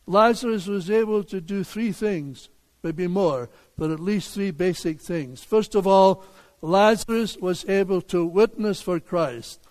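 An older male pastor preaches slowly and deliberately, his voice sitting high for a man. He leans on rhetorical questions, and each phrase rings out in a large church hall with a long reverb. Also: a little mellow. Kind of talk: sermon.

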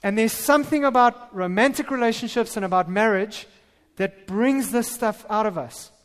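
High-voiced man preaching in a reverberant hall. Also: moderate pace. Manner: animated preaching with frequent stammered restarts. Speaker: pastor. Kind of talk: sermon.

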